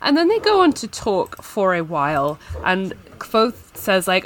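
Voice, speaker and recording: A woman reads passages from a novel aloud on a relaxed podcast. She breaks off into animated asides and comments. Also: fairly low pitch, unhurried. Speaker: podcast co-host. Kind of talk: casual book discussion.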